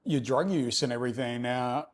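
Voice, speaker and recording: A man's voice: mid-range voice, normal speed. A man hosting a casual interview, laid-back, with short reactions and casual swearing. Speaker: host, interviewer.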